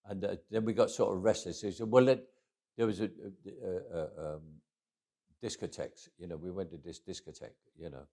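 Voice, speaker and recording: Deep-voiced old raconteur. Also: male voice, steady tone, brisk, warm tone. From England. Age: 80s. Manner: anecdotal, with frequent restarts and chuckles. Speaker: guest. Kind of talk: storytelling interview.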